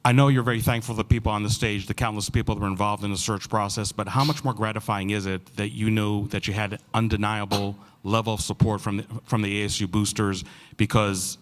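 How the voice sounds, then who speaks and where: A man sports reporter with a low, flat voice fires off a long, leading question. He talks fast and keeps his tone even throughout. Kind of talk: asking a press conference question.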